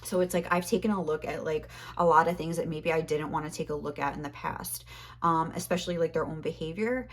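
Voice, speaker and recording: A woman's voice: deep voice, brisk. Rambling young woman tarot reader. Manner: rambling, heavy use of "like". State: a little out of breath. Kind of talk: casual tarot reading monologue.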